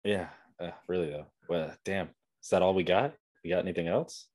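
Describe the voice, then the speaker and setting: Man, podcast host, lowish voice, joking, swears a lot, casual chat. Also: brisk, a little mellow, no room sound. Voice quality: profane, joking.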